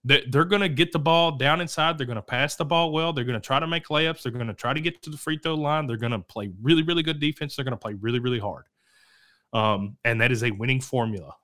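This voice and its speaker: A man hosting a local high school sports show, talking casually and rambling, correcting himself and coughing now and then. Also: fast talker, a bit bright. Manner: rambling, self-correcting, chatty. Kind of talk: casual sports talk to camera.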